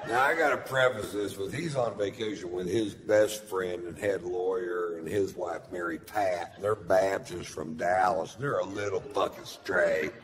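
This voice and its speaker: A middle-aged man, telling a profane, deadpan story in stand-up, on a live stage with a handheld mic. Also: low-pitched, a little slow, hardly any pauses, noisy background. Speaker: stand-up comedian.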